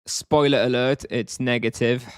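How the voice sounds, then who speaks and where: A man talks casually to his chat while he plays, wry and offhand. His voice sits at an ordinary middle pitch. The sound is dry and close, with no room echo. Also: steady tone, measured pace, clear, resonant tone. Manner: wry, offhand, answers chat between moves. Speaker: game streamer. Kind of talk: casual live-stream chat while gaming.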